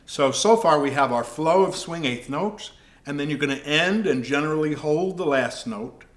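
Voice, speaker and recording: A man teaching jazz piano improvisation, explaining in a calm, measured way. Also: on the high side. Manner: calm, measured explaining with scat syllables and counting. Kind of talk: music lesson explanation.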